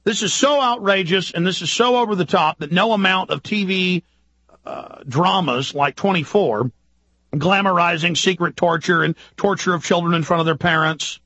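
A man hosting a radio talk show, delivering an urgent, ranting political monologue full of rapid-fire rhetorical questions. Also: sits high, bright, forceful tone, slightly rough, dry recording, muffled recording. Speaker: radio host.

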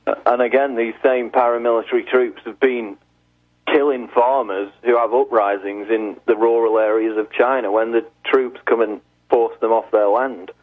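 A man's voice: mid-range voice, fairly even intonation, normal speed. A man who is a guest on a talk radio show, explaining earnestly and restarting his phrases. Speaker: guest, journalist. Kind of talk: talk radio interview by phone. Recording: tinny phone line.

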